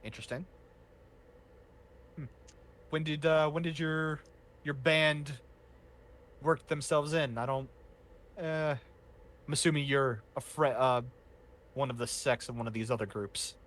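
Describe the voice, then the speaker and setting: A man's voice: on the high side, steady tone, measured pace, pauses often, a bit bright. A man playing a smug half-dragon commander. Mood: musing.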